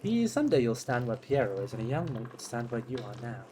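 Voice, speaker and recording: A man's voice: medium pitch, big pitch swings, quick pace, mellow, a little hiss or hum. A young man streaming a story game, chatting casually and reading its dialogue aloud in a playful manner. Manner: playful, swearing, reacts with little gasps and laughs.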